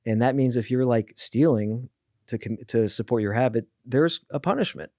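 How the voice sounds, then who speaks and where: A man speaking in a blunt, animated way, piling up fillers and quick restarts as he tells his stories. His voice sits at an ordinary middle pitch. The sound is dry and close, with no room echo. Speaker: guest, author. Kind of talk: casual podcast conversation.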